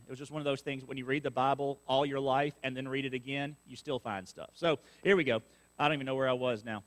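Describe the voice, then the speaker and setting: A male pastor preaching a sermon and reading scripture, with folksy, conversational asides. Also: fairly high pitch. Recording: long reverb of a church hall.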